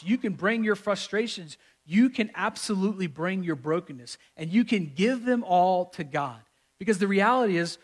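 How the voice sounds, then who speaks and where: Male pastor, high-pitched voice, conversational humorous sermon delivery in a church. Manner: conversational, humorous preaching with repetitions. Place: church sanctuary with live audience.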